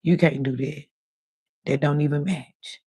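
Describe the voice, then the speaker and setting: A woman in her fifties chatting on a livestream as host, telling animated stories with plenty of cussing. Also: low voice, a little slow, breathy edge, no room sound. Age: 50s. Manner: chatty, animated storytelling with cussing and quoted voices. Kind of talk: casual livestream chat.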